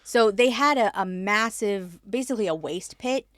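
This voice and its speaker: A woman co-hosting a casual history podcast, chatty and quick to laugh. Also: mid-range voice, expressive, fairly bright tone, dry recording, studio quality. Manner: giggly, chatty, laughs often. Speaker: podcast co-host.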